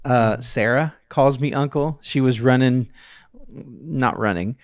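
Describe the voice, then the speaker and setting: A man's voice: medium pitch, slow pace, no echo, studio quality. A man in his forties, a podcast co-host, telling family stories in a rambling, chuckling way with many restarts. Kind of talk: casual chat.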